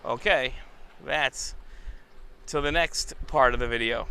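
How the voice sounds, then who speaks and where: A man's voice: medium pitch, slow, creaky, sharp tone, clear, resonant tone. A man hosting a children's show outdoors, talking chattily and straight to young viewers. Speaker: kids' show host.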